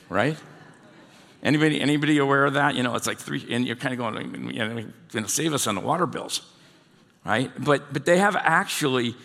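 A man's voice: medium pitch, fairly bright tone. A middle-aged man as pastor giving a conversational sermon and putting questions to his congregation. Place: church hall. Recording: long hall reverb.

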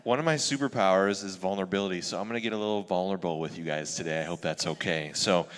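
Deep-voiced guy preaching, chatty and open, lots of hall reverb. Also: quick pace, fairly bright tone. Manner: candid, conversational preaching with frequent restarts. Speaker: pastor. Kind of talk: sermon.

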